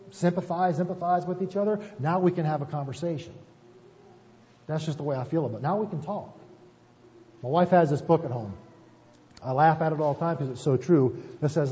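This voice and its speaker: Male pastor, folksy conversational sermon, higher mellow tone; lo-fi reverberant sanctuary recording. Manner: folksy, asks "right?" often, self-deprecating asides. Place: church sanctuary. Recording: muffled, echoey church hall recording.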